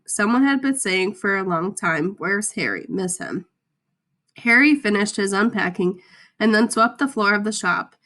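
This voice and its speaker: A woman reading a children's story aloud, with clear, expressive storytelling. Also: mid-range voice.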